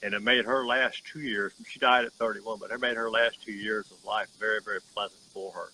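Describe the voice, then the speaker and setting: Earnest man with a bright voice. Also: lowish voice, fairly even intonation, poor audio. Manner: earnest, folksy, halting restarts. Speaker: horse farm owner. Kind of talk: casual storytelling testimonial. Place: outdoors on a horse farm.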